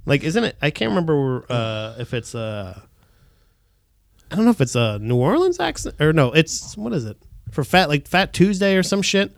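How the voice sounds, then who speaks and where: A man's voice: fairly high pitch, big pitch swings, moderate pace, gravelly, no echo, studio quality. A man co-hosting a casual chat, rambling with many fillers, swearing and laughing often. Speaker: podcast co-host.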